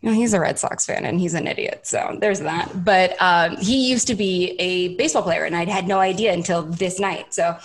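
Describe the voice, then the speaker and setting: A woman's voice: on the low side, normal speed, hardly any pauses. Young woman, chatty storyteller, acts out quotes, says like a lot. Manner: animated, voices herself and others in quotes, lots of "like". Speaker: podcast guest. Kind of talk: casual storytelling.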